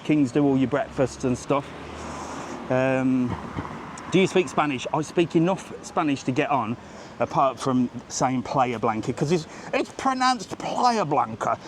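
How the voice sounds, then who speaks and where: Walking a busy resort strip outdoors, a British travel vlogger livestreams with a medium-pitched, animated voice at a measured pace. He rants bluntly and swears casually while greeting people, with faint street noise behind him in this live walk-and-talk.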